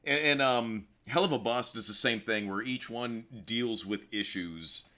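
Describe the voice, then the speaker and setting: A man's voice: mid-range voice, unhurried, pushed and bright. A man co-hosting a podcast, reacting in a laid-back way and stammering a little as he chats. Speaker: podcast co-host. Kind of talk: casual chat.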